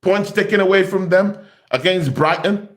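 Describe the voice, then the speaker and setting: A man giving an animated football fan rant, excitable and taunting, often repeating his words. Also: high-pitched, normal speed. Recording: echoey room.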